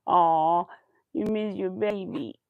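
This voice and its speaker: A woman's voice: mid-range voice, steady tone, takes it slowly, clear, resonant tone, no room sound, phone-quality sound. A woman crochet vlogger chatting casually to her viewers and her dog, cooing baby talk at the pet.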